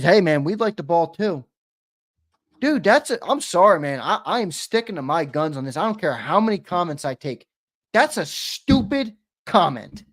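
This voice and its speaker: Guy ranting on a sports show, kinda high voice, dead dry sound, sticks to his guns. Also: dry recording. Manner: blunt, opinionated, repeats his point. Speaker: sports podcast co-host. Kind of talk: heated sports talk chat.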